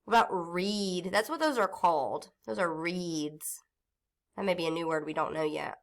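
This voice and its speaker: A woman teaching a phonics lesson to young children, stretching words out and sounding them slowly. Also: fairly low pitch. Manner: slow, sing-song teacher talk, stretching out words and sounds.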